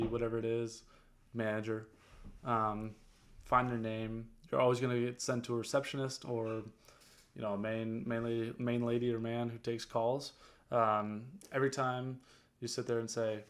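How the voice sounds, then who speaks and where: A young man, a detailing business owner talking casually to camera, rambling with many fillers as he coaches viewers. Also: medium pitch. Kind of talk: casual vlog talk.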